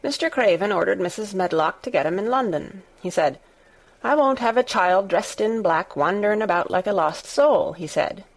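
A woman's voice: medium pitch, animated, moderate pace. A woman voicing a plainspoken, friendly young housemaid with a Yorkshire accent and homely dialect, in an audiobook. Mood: matter-of-fact. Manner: blunt, homely dialect with thee and thou. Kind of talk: audiobook character voice.

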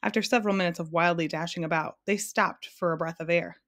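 A woman's voice: fairly low pitch, fairly even intonation, fast talker, fairly bright tone. Woman reading a children's book. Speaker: storyteller.

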